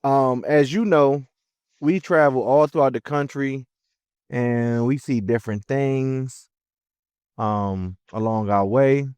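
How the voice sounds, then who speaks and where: A man co-hosts a trucking podcast in a relaxed, easygoing manner. His mid-range voice is recorded close and dry. He talks casually, with a few fillers along the way. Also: mid-range voice, clear, resonant tone, dry recording. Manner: laid-back, relaxed, many fillers. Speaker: podcast co-host, truck driver. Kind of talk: casual chat.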